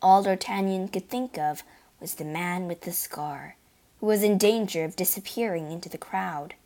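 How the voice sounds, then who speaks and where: A woman narrating an adventure storybook. Her reading is clear and steady, and her voice sits a little low for a woman. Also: normal speed.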